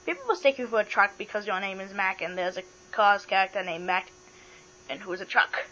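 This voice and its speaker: A woman's voice: mid-range voice, a little fast, bright, forceful tone. A woman hosting a pretend toy talk show, giving matter-of-fact answers and bossy instructions. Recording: dull lo-fi with mains hum.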